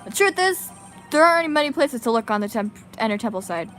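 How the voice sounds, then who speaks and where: A woman's voice: fairly high pitch, very animated, brisk, a bit bright, faint music behind. A woman voicing a cool, cocky male prosecutor from a game, reading his lines in a smug, teasing drawl. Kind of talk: reading game dialogue aloud.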